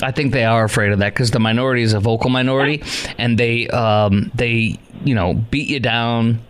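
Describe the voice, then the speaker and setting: A middle-aged man hosting call-in talk radio, his voice sitting at an ordinary male pitch. He talks in a sarcastic, exasperated way and scoffs at the material he runs through. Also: fairly even intonation, a little fast, clean tone. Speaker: radio talk show host.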